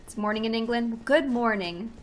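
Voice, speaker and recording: A woman's voice: a little high, moderate pace, slight background noise. A young woman streaming a video game, chatting casually with her viewers, giggly and self-deprecating. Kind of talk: casual chat with viewers while gaming. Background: video game music.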